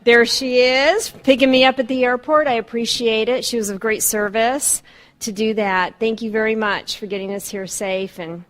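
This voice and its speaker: A woman's voice: on the high side, fairly even intonation, moderate pace. Wry woman in her fifties, talk full of ums. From Southern California. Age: 50s. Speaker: speaker at a recovery meeting. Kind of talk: personal storytelling talk.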